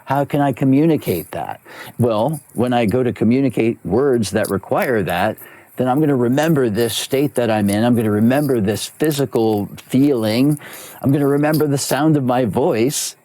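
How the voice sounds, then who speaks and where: A man's voice: medium pitch, moderate pace, dark tone, dry recording. A man who works as a voice actor and coach, explaining his craft in an interview and repeating key phrases for emphasis.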